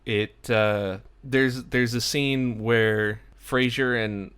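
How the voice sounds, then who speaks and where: A man's voice: medium pitch, steady tone, extremely slow, a bit bright, clean tone. A young man casually recapping a sitcom episode for his vlog, chatty and full of "like" asides. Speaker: TV episode reviewer.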